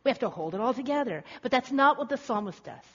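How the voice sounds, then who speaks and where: A woman's voice: fairly high pitch, animated, fast talker. A woman preacher giving a dramatic, rhetorical sermon with building emphasis. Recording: echoey hall, slightly dull.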